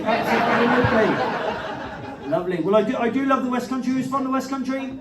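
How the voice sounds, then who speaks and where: A man's voice: very high-pitched, a little fast, heavy background noise. A male comedian hosting a village-hall gig, chatty and cheeky, swearing and teasing the crowd. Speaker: comedian and compere. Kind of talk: stand-up comedy and crowd banter. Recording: echoey hall, distant mic, crowd laughter.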